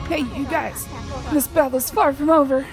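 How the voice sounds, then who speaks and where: A woman voicing a gruff male warrior with a put-on Southern US twang, drawling out orders over game music. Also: high-pitched, steady tone, moderate pace. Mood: commanding. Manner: drawling, commanding.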